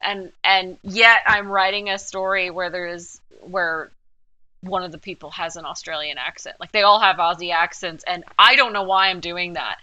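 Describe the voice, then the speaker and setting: A woman co-hosting a podcast, with a trained, neutral newsreader American accent. Her voice is very bright and ringing. She chats animatedly and slips into playful accent impressions. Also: on the low side, steady tone, normal speed, muffled recording. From Memphis, Tennessee. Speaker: podcast co-host. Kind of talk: casual chat.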